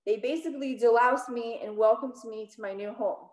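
This woman tells a personal story at a storytelling event, with a slightly high voice. She speaks with raw emotion and scatters "like" through her sentences, and the sound is roomy and echoey. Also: darkish tone. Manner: emotional, quick with many "like"s. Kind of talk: personal story told on stage. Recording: roomy echo.

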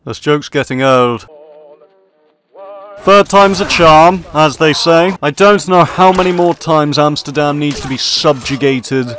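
A man's voice: a little high, normal speed, few pauses, fairly bright tone. Mock-pompous man narrating gameplay. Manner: mock-pompous upper-class officer banter, laughs at own jokes. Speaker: gaming video creator. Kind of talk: in-character gameplay commentary. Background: faint background music.

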